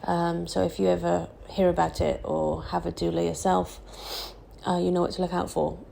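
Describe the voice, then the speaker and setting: A young woman with a hoarse, heavily gravelly voice talks candidly to camera as a worn-out new mother. Her tone sits low and mellow, and she rambles through fillers and restarts, with a faint hiss behind her. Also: little pitch movement, normal speed, rough recording. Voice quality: croaky. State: hoarse, exhausted from no sleep. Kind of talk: casual confessional vlog.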